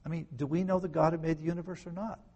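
A man giving conversational Bible teaching, firing rhetorical questions at listeners with wry, sarcastic asides and swinging between soft and loud delivery. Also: fairly high pitch, fairly even intonation, rapid-fire, dull audio. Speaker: pastor.

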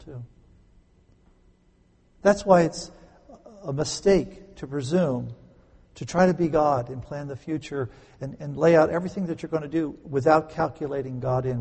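A man preaching a sermon, emphatic, swinging between loud stresses and quiet conversational asides. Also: on the high side, husky. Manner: conversational, explains grammar with homely examples. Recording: echoey hall.

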